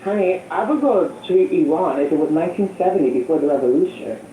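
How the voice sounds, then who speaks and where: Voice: mid-range voice, expressive, fast talker, warm tone, reverberant, far from the mic, a little hiss or hum, rough recording. A sassy speaker teasing others in a casual online group talk. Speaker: participant in group audio chat. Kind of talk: casual group audio chat.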